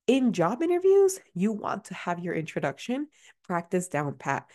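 Chatty low-voiced woman podcast host. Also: huge pitch swings, normal speed, a little mellow. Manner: chatty, many fillers and restarts. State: out of breath at times. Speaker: career coach and podcast host. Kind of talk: casual podcast advice.

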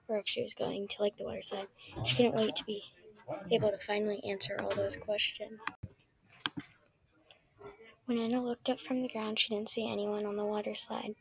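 A woman reading a children's story aloud in a plain way, with small slips and restarts. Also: medium pitch. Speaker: reader.

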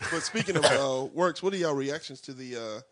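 A man's voice: mid-range voice, lively intonation, normal speed, heavy background noise. A man co-hosting a casual wrestling podcast, asking questions with hesitant fillers. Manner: hesitant, full of "uh". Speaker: podcast co-host. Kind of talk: casual chat.

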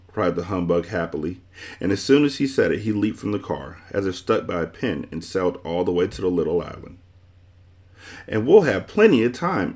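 A man hosting a book club podcast, reading a children's book aloud with expressive storytelling. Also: low voice. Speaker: book club host and reader.

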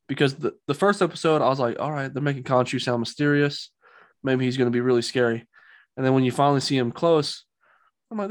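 A man talking casually as a podcast co-host, rambling through his opinions and mocking what he dislikes. His voice sits at an ordinary pitch. The sound is dry, with no room echo. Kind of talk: casual chat.

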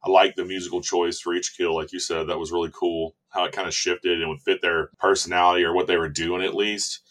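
Deep guy cohost, laid back chat, lots of likes and ums. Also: a little fast. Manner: relaxed, conversational, filler-heavy. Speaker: podcast co-host. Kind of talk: casual chat.

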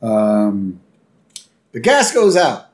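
A man co-hosting a podcast, chatting casually and acting out cartoon lines in quick voices. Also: on the low side. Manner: animated, acts out character lines in quick voices. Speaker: podcast co-host. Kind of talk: casual chat recapping a cartoon episode.

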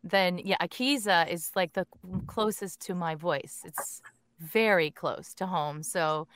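A woman's voice: lowish voice, takes it slowly, a bit bright, no room sound, studio quality. A woman voice actress speaking on a panel in a playful, chatty way. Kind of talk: panel discussion.

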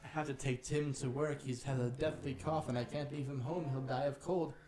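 A man voicing a tired, sad, worn-out working father who talks in a low, weary way. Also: fairly even intonation, fairly quick, darkish tone, close to an everyday voice. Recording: roomy echo, faint music.

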